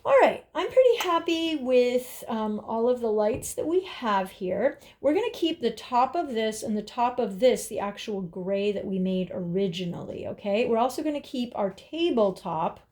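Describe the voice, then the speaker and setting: A woman's voice: on the high side, lively intonation, normal speed, few pauses, a little mellow. A woman teaching a drawing lesson, upbeat and encouraging, talking as she draws. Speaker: art teacher.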